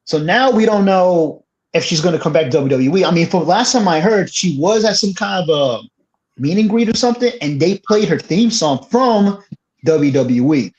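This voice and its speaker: Co-host, male, higher voice, loose rambling chat. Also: animated, moderate pace, darkish tone, lo-fi sound. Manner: rambling, filler-heavy. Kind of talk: casual chat.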